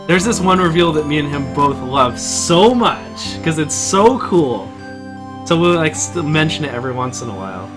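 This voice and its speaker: A man, a game streamer who voices all the characters, chats casually over gameplay and rambles with plenty of fillers. His voice is a little high and expressive, at a normal speed, with music playing underneath.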